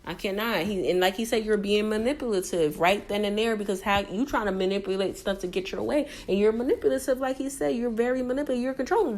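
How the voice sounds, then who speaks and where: A woman's voice: medium pitch, a little mellow. A young adult woman recapping a reality show in a blunt, slangy, exasperated casual rant.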